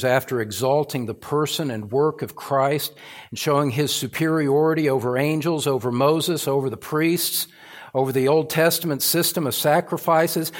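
A middle-aged male pastor preaching a sermon, moving from calm teaching to fervent, emphatic passages. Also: fairly high pitch.

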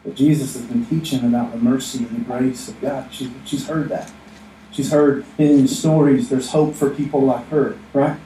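A man's voice: medium pitch, fairly even intonation, moderate pace, warm tone, a little hiss or hum. Casual preaching man in an echoey hall. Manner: conversational, jokey, acts out asides. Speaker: pastor. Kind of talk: casual sermon. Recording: echoey room, mic from a distance.

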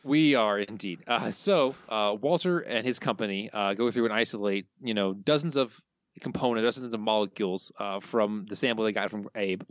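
A man's voice: on the low side, normal speed, no echo. A man co-hosting a podcast, picking an episode apart in a dry, sardonic way. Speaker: podcast co-host. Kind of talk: casual podcast discussion. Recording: dull, lo-fi dry sound.

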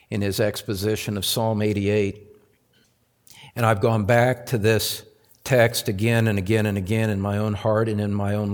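A man preaching a sermon as pastor, earnest, with rhetorical questions and slow answers, sometimes rising to loud emphasis. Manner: rises to loud high emphasis.

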